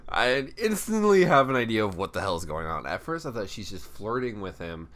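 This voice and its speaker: A young man from Texas casually telling a story from his restaurant job, animated and acting out the people in it. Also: on the low side. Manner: animated, acts out coworkers and guests in quick put-on voices. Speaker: YouTuber telling a work story.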